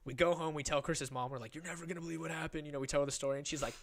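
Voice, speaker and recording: A young man in his twenties tells a story on a podcast with a slightly high voice. He is animated and swears freely, and he acts out the other people's lines as he goes. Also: very fast, vocal fry. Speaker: podcast guest. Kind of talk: casual storytelling.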